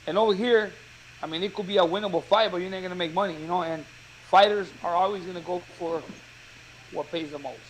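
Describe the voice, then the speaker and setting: A boxing coach telling a story in casual chat, acting out the quotes with energy. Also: male voice, high-pitched, quick pace, a little hiss or hum, rough recording. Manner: animated storyteller, acts out quotes.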